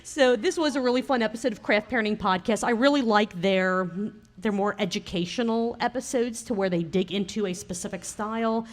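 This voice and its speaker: A woman's voice: medium pitch, a little fast, few pauses. A woman co-hosting a casual podcast recorded live at a bar, chatty and teasing and laughing often. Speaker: podcast co-host. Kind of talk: casual chat.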